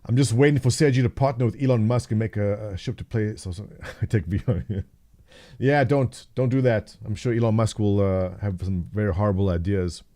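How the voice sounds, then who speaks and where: A man's voice: fairly low pitch, brisk, warm tone, no room sound. A man hosting a livestream, chatting casually and laughing as he reacts to a video. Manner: chatty, laughs often, thinks aloud.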